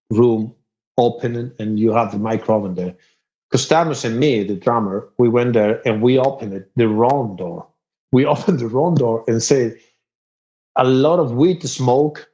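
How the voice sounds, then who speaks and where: A Spanish-accented man spins a lively anecdote, leaping into a far higher voice whenever he quotes someone. His pitch sits mid-range and the recording sounds a little dull and lo-fi. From Spain. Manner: animated, acts out other people's lines in a much higher voice, laughs often. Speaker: guest musician. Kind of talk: casual storytelling.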